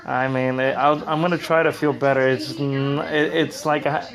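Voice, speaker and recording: Middle-aged man, gravelly, live-streaming from bed in pain after oral surgery, stumbling and repeating himself. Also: mid-range voice, little pitch movement, crowd noise. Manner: rambling, halting, repeats words. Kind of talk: casual live-stream chat. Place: lying in bed at home. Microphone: phone camera.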